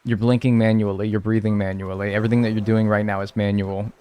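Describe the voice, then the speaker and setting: While streaming a video game, a man chats loosely with his viewers, reading and answering chat in a laid-back, slangy style heavy on "dude" and "like." His low voice is dark, clear, and resonant, with flat delivery and fast talking.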